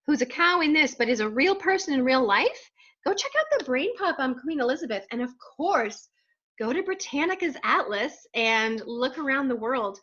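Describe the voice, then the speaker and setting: Playful woman teacher, slightly high voice. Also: fairly bright tone, dull audio. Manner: chatty and playful, speaking straight to children. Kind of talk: casual talk to pupils after a read-aloud.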